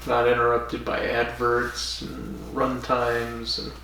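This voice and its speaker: A man's voice: medium pitch, completely flat delivery, slow, bright, forceful tone. A man co-hosting a podcast, mostly giving short reactions and joking asides. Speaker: podcast co-host. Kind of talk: casual chat. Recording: echoey room from far off with faint noise.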